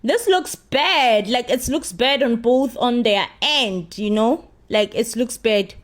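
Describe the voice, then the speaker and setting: A woman's voice: fairly high pitch, slow. A woman with a South African accent giving a casual spoken review of a soap opera, emphatic and repetitive, mixing in Zulu phrases. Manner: emphatic, repeats herself, mixes in Zulu phrases.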